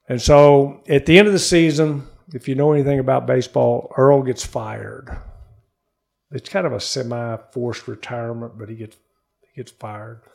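An older man with a gravelly, creaky voice tells a long personal story as a studio interview guest. He gets animated as he acts out what others said, raising his voice for their lines. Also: medium pitch.

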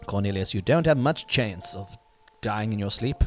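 An Irishman putting on an English accent to play a brisk male official reading out a death schedule. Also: lowish voice, lively intonation, faint music behind, lightly acted. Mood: officious. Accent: put-on English.

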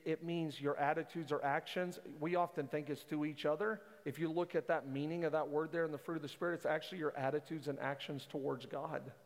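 Man preaching in a reverberant hall. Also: a little high. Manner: conversational preaching, acts out listeners' doubts. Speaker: pastor. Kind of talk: sermon. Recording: long hall reverb, faint music.

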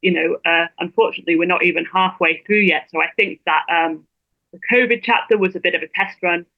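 A woman being interviewed as a guest, making her points in a fluent, measured way. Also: on the low side, no room sound. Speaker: guest blogger. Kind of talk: interview over a phone line. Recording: tinny dry phone line.

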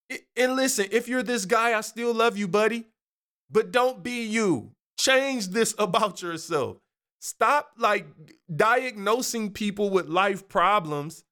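Brief: male host, fairly high, bright and forceful voice, chatty slangy storyteller who laughs easily. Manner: animated, chatty, laughs often, uses slang. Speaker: podcast host. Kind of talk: casual storytelling.

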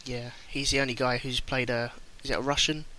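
English man, podcast host, casual and self-deprecating, bright tone. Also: mid-range voice, level tone, a little fast, poor audio. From England.

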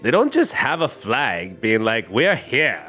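A man's voice: mid-range voice, huge pitch swings, measured pace, a bit bright, faint music behind. A man running a tabletop game as game master, narrating in a casual, chatty way. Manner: casual, chatty, laughing often.

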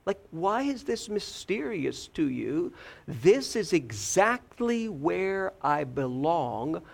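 A man voicing a self-assured twelve-year-old boy who calmly insists to his parents that he is where he belongs. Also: high-pitched, slow, vocal fry, full character voice. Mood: puzzled. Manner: matter-of-fact, insistent.

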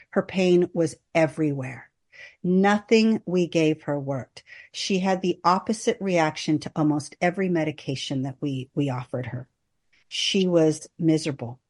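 A woman hospice nurse speaking as a podcast guest, earnest and measured, partly reading aloud from her own book. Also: low voice, a little mellow. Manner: earnest and measured, reads with long list-like pauses.

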